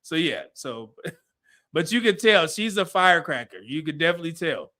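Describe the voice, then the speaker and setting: Guy hosting a show review, high bright voice, acts out lines as he talks. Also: normal speed. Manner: animated, acts out quoted dialogue. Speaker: host reviewing a dating show. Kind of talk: casual live commentary.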